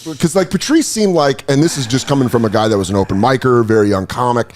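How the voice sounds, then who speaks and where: A man's voice: mid-range voice, quick pace, a little hiss or hum. Swearing man telling comedy stories. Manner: swearing storyteller, bursts into impressions. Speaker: podcast host. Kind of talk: casual chat.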